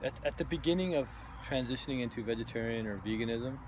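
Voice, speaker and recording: A man's voice: medium pitch, fast, noisy background. A man who works as a personal trainer, chatting casually as a guest, with frequent restarts and tag questions. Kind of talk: casual chat.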